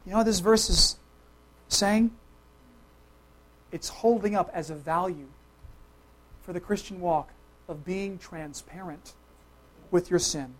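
A preacher delivering a sermon in an emphatic, conversational way. The voice swings from loud, forceful declarations to quiet, hushed asides, often turning to the congregation with quick questions. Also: mid-range voice.

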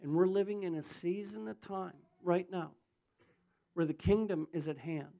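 A man preaches from the pulpit in a high, raspy-edged voice. He tells stories by acting out each speaker's lines, then rises into fervent prayer. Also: normal speed, mellow, poor audio. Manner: storytelling, acts out quotes, builds to fervent prayer. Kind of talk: sermon and prayer.

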